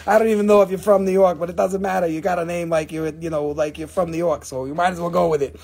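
Man, high voice, lots of vocal fry, playful sales banter, casual live-stream host. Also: fairly even intonation, fairly quick, hardly any pauses, a little mellow. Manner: joking, playful salesman patter. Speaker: host selling rocks in a live auction.

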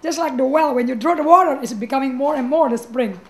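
A middle-aged woman, a pastor telling her personal testimony in an animated way with frequent restarts. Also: high voice, fast. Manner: animated, acts out quoted voices, frequent restarts.

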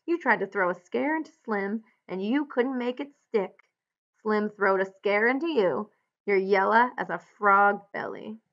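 A woman's voice: medium pitch, a little slow, dull audio, lightly acted. Woman voicing a mocking tough ranch hand.

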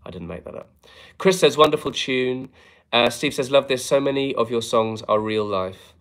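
A man chatting casually in his flat on a live stream, reading out viewer comments with dry, joking asides. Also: medium pitch, moderate pace. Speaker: musician hosting a live stream. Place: home flat, indoors.

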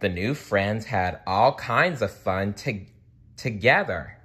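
A man reading a children's picture book aloud, expressive, with slips he corrects. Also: fairly low pitch, slow pace, slightly rough. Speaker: storybook reader.

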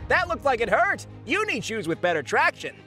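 Brief: man doing a giddy clown villain, pitched way up, swooping wildly, high theatrical crooning. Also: wildly swooping pitch, normal speed, pushed and bright, soft background music, exaggerated voice. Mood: gleeful taunting. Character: giggly manic male clown villain, theatrical.

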